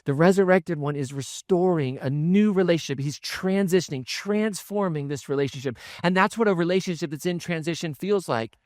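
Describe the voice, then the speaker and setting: A man's voice: fairly high pitch, fairly quick, few pauses, darkish tone, no echo, clean studio sound. A man preaching a sermon as a pastor, telling the stories in a conversational way with asides. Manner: conversational storytelling with asides and chuckles.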